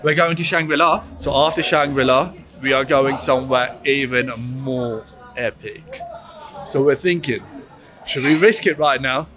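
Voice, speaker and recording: A man's voice: mid-range voice, measured pace, a crowd in the background. A man chatting enthusiastically as a travel vlogger outdoors at a mountain scenic area. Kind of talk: casual travel vlog.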